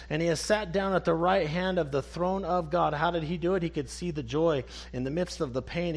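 Emphatic preacher man with a higher voice. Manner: emphatic, rhetorical questions, dropping to soft one-word answers. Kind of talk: sermon.

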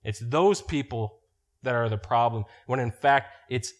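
Emphatic male preacher giving a sermon. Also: mid-range voice. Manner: emphatic, explanatory, slows down to stress points.

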